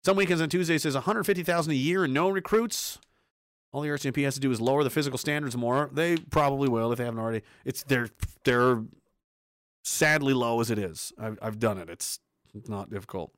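Profane, sarcastic ranting man, bright voice. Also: medium pitch, a little fast, no echo, studio quality. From Canada. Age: adult, ex-soldier. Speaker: commentary host. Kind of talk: ranting political commentary.

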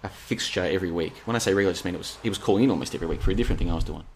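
A man's voice: sits low, racing, slight background noise. Rambling, chatty man hosting a late-night show. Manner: reads out listener comments. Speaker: podcast host. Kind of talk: casual solo talk show.

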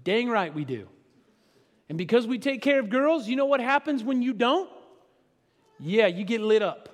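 A middle-aged man preaching a sermon in a conversational style, dropping to a hush and then building loud, with teasing asides to the congregation. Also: very high-pitched, lively intonation, normal speed. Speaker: pastor. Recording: long hall reverb.

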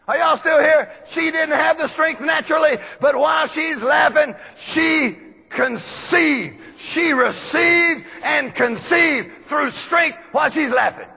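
A middle-aged man preaching a sermon, shouting his points with emphasis and often breaking into laughter. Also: very high voice, gravelly. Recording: long reverb of a large hall.

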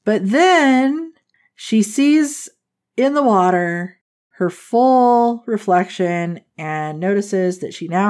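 A woman hosting a book podcast, recapping a plot in a casual, animated way and laughing often. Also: lowish voice.

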